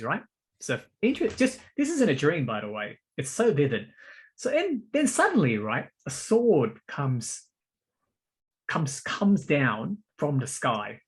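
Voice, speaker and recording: A man's voice: a little high, unhurried, breathy edge. Man telling a story animatedly in casual podcast chat. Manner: animated storytelling, stammers and repeats words, peppers speech with "bro" and "mate". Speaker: podcast host.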